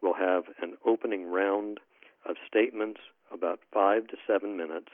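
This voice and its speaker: A man opening a panel event as moderator, formally introducing the speakers in a measured way. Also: fairly low pitch, fairly even intonation, no room sound. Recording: tinny phone-like line, dry.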